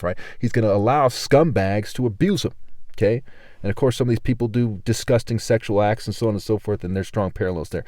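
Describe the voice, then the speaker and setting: A man's voice: mid-range voice, dark tone, dry recording, clean studio sound. A man reading scripture aloud and rambling through his own commentary, often tagging his sentences with "right?" and repeating words. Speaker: self-styled religious teacher.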